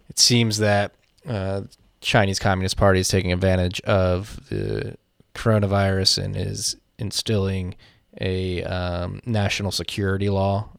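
A man from Philadelphia co-hosting a podcast, talking through the news in a relaxed, rambling way and swearing casually over a remote call. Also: deep voice, gravelly, dry recording, clean studio sound. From Philadelphia, USA. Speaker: podcast co-host.

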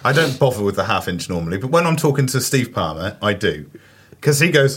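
A man's voice: mid-range voice, sing-song, a little fast, a bit bright, slightly rough. Rambling man. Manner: rambling, self-interrupting, laughing storyteller. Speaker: podcast co-host. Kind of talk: casual comedic chat.

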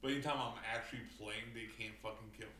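Here he talks rapid-fire in a fairly low, steady, pushed and bright voice, telling profane gaming stories peppered with fillers in a casual chat. The room sound comes through from a distant mic, along with faint ambience.

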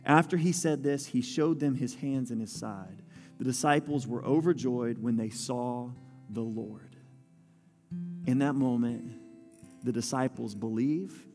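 A man's voice: mid-range voice, vocal fry, a little mellow. Man preaching in a reverberant hall. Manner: reads scripture aloud, asks the listeners questions. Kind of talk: sermon. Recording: long hall reverb with faint music.

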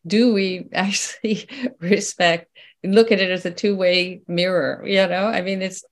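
Animated woman researcher with frequent laughter. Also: fairly low pitch, a little slow. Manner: animated, laughs often, many restarts and fillers. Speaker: guest, researcher. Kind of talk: casual conversational interview.

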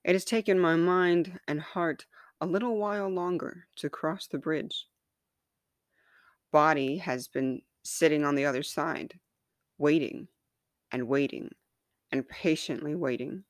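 A woman author reading her own reflective memoir aloud in an earnest, measured way. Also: low-pitched, no echo, clean studio sound.

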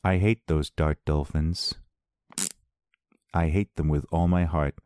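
A man's voice: rumbling low, fairly even intonation, a little mellow, smooth, no echo, clean studio sound. A man playing a solemn male dolphin survivor. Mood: mock-solemn. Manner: slow, mock-solemn storytelling. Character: male dolphin survivor telling a grim tale.

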